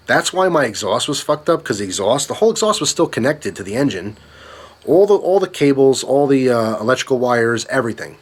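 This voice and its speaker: A young man telling a story in a vlog, swearing often and ranting with anger. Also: medium pitch. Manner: profane, ranting. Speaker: vlogger.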